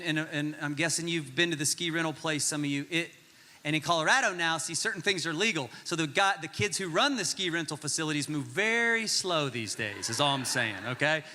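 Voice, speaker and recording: A man in his forties preaching a sermon, telling a funny story with lots of energy and acting out the voices of the people in it. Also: fairly high pitch. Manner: animated, jokey, acts out voices in his stories. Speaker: pastor. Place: large church auditorium. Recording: long hall reverb.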